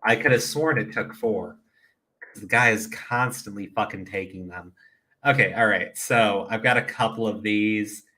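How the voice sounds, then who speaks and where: A man's voice: fairly low pitch, normal speed, sharp tone. A man giving casual, profane reaction commentary, often laughing and restarting his sentences. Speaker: commentary streamer.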